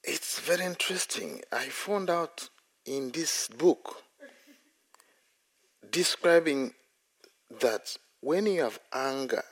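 A man's voice: mid-range voice, slightly rough. A man, a Buddhist monk, giving a dharma talk at a meditation retreat, chuckling often and telling self-deprecating stories. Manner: playful, chuckles often between phrases.

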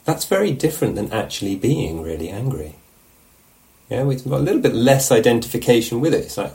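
A man teaching meditation in a relaxed, conversational dharma talk, often checking in with his listeners. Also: mid-range voice, a little fast, creaky.

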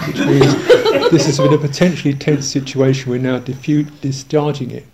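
A man's voice: mid-range voice, moderate pace, darkish tone. An older English man, a Buddhist monk, telling a humorous, self-mocking story in a dharma talk, chuckling along.

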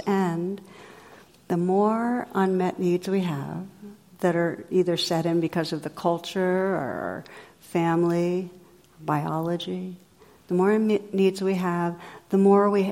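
A woman's voice: fairly low pitch, darkish tone. A woman meditation teacher giving a reflective, conversational dharma talk in a meditation hall, with frequent fillers. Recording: long hall reverb.

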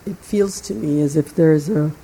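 A woman meditation teacher answers students from a group sitting. Her voice sits low with a gravelly edge and a mellow tone. She talks slowly and deliberately, with faint noise behind. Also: rough recording. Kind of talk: dharma talk and inquiry.

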